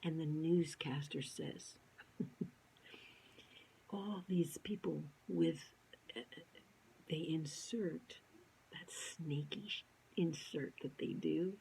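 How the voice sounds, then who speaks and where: Female vlogger, low and mellow, animated storyteller who often drops to a whisper. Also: takes it slowly, creaky, pauses often, a little hiss or hum, low-quality recording. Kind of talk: personal storytelling monologue.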